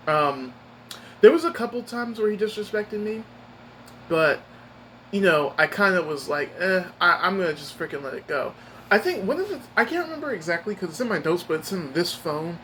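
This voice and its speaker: A man's voice: high voice, slight background noise, poor audio. A young adult man telling a personal story to his viewers in a casual, emphatic, rambling way, full of fillers and asides. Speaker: streamer giving a life update.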